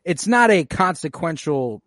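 A man casually recapping a TV episode on a podcast, rambling and relaxed with many restarts. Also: on the high side, measured pace, dry recording, studio quality. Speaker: podcast co-host.

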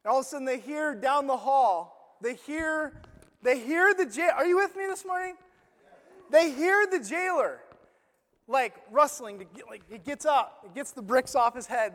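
High-voiced preacher in an echoing hall. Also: male voice, brisk. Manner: animated conversational storytelling with "like" fillers. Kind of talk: sermon.

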